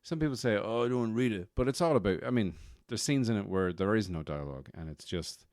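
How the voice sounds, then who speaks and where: A man's voice: on the low side, quick pace, a little mellow, no echo, clean studio sound. A man hosting a podcast, rambling wryly and poking fun at himself in a casual monologue. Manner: wry, self-deprecating, rambling. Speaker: podcast host.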